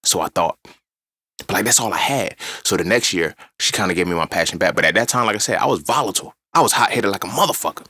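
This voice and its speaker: A man with a deep voice and a forceful, bright edge speaks. He talks casually and animatedly, swearing freely as he tells his story. The sound is dry and close. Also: fast talker, dry recording. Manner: animated, profane, conversational storytelling. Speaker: podcast host. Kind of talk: casual monologue.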